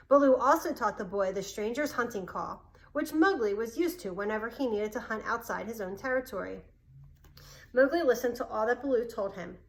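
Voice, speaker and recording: A woman's voice: on the high side, a bit bright, rough recording. Woman reading a storybook aloud. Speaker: narrator.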